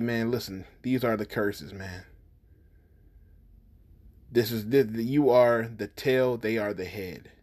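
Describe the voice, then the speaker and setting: A man's voice: fairly low pitch, a little mellow. A man giving casual, heated commentary on news videos, profane and repetitive, in an indignant manner.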